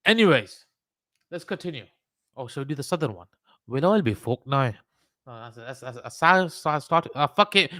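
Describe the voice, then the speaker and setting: A man's voice: on the high side, bright, forceful tone, no echo, clean studio sound. A man with a Birmingham accent hosting a trading livestream, talking through charts in a rambling, casual way, swearing and joking with his chat. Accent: Birmingham English.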